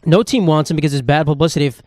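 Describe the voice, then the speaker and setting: A man's voice: on the high side, very fast, a little mellow, dry recording, clean studio sound. Profane rambling male podcast host. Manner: profane, rambling rant with restarts. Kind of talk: casual comedic monologue. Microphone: podcast microphone.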